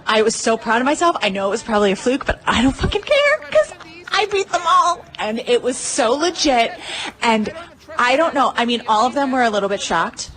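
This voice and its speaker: A woman gushing excitedly through a story of her own win, swearing freely and full of "like" and "you know.". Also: fairly high pitch, a little fast. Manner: uses many fillers like "like" and "you know". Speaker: pinball player telling a tournament story. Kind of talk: casual storytelling monologue.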